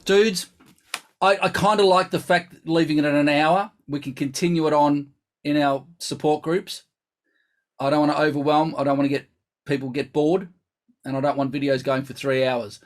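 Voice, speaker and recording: A man's voice: a little high, steady tone, moderate pace. A man teaching brass in a live online lesson, chatty and instructive, thinking aloud as he explains.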